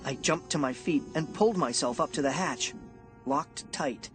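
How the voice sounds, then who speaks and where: A man giving suspenseful first-person audiobook narration in a slow, expressive delivery, over background music. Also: a little high. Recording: music bed under narration.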